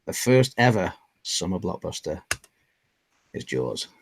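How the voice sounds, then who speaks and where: A man's voice: sits low, big pitch swings, a little slow, a little hiss or hum. A man co-hosting a casual movie chat, speaking hesitantly with many restarts. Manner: hesitant, full of restarts and self-corrections.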